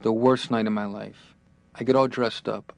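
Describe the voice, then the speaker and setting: A joking stand-up patient. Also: male voice, on the low side, little pitch movement, moderate pace, vocal fry, a little mellow. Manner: rambling stand-up delivery, punchlines. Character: chatty young male patient, joking. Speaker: comedian patient. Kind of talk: stand-up routine.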